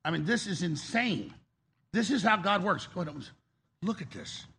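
Gravelly, excitable talk show host man. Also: high-pitched, normal speed.

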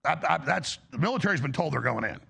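A man's voice: on the high side, lively intonation, quick pace, creaky, pushed and bright, husky. A man hosting a talk show, giving a heated, emphatic political commentary monologue with frequent restarts.

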